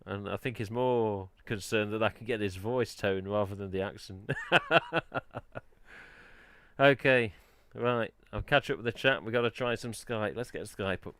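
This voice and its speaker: A man's voice: on the low side, a little slow, a bit bright, no echo, clean studio sound. A man hosting a casual live stream, chatting in a rambling way and answering the chat. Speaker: livestream host.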